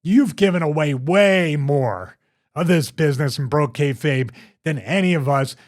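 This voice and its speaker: A man with a Philadelphia accent, an older former wrestler hosting a podcast, talking in an emphatic, animated way. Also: fairly high pitch, measured pace. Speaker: show host, former wrestler. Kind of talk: casual podcast chat.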